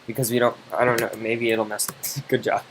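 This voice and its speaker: A man tutoring someone in code, impatient and teasing, explaining in quick exasperated bursts. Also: medium pitch, flat delivery, noisy background. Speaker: coding tutor. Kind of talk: casual screen-side coding help.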